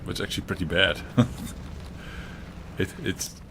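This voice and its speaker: Chuckling Dutch-accented man, lowish voice. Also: a little slow, gravelly. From Netherlands. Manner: rambling and chuckly, with frequent restarts and swearing. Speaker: co-host of a gaming chat show. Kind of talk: casual chat. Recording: audible typing and background noise.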